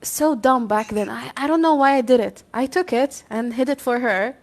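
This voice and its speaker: A woman with a slightly high voice, chatting as a guest on a live stream. She tells stories in a lively way and acts out the lines she quotes. She laughs often between her points. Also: normal speed. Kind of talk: casual storytelling chat.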